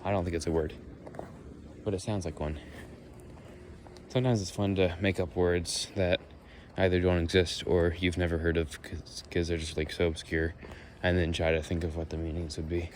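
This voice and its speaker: A young man musing and thinking out loud as he walks outdoors through leaves. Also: low voice, level tone, moderate pace, slight background noise. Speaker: vlogger. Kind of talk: rambling walk-and-talk monologue.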